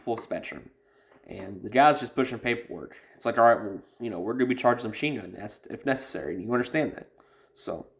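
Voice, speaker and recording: Casual male podcast voice, blunt and profane, rambles with lots of fillers. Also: medium pitch. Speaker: podcast host. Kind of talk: casual advice talk.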